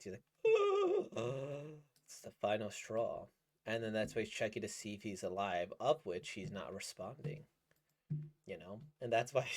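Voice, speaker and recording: A man giving casual, rambling commentary as he reacts to a manga he is reading, enthusiastic and laughing often. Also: on the low side.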